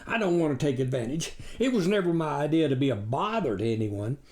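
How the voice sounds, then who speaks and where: A man's voice: a little high, animated, fairly quick, a little mellow, close to an everyday voice. A man voicing a hairy male wolf who poses as a duck, overly polite and fumbling for excuses. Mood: fawning.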